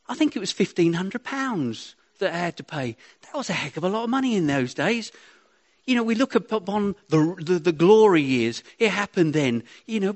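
A man giving an informal, chatty sermon to a congregation, rambling with self-deprecating asides. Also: high-pitched. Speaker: preacher.

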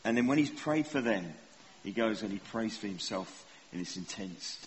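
A man's voice: fairly low pitch, lively intonation, moderate pace, a little hiss or hum. A middle-aged man preaching a sermon in a conversational, self-deprecating way, often asking the congregation questions. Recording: long hall reverb, faint ambience.

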